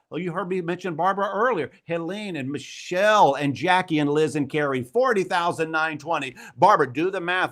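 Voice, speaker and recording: A man hosting a live fundraising appeal at a virtual gala, rallying donors with high energy and calling out names as gifts come in. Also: a bit bright. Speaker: fundraising auctioneer host.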